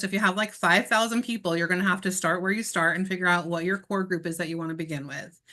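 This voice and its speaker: A woman's voice: fairly low pitch, sharp tone. A woman giving a real estate coaching session over a video call, talking directly and with emphasis to her listeners.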